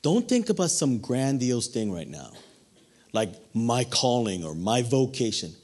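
A man's voice: medium pitch, very animated, a little slow, a little mellow. A man preaching a sermon, asking the listeners questions and acting out the quoted lines. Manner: dramatic, acts out quotes, asks the congregation questions.

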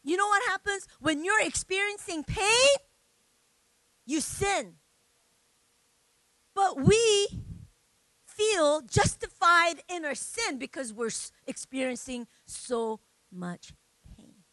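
Female preacher, very high bright voice, slow conversational sermon delivery, dry close sound. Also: lively intonation, dry recording. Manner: conversational preaching, tags "right?", acts out examples.

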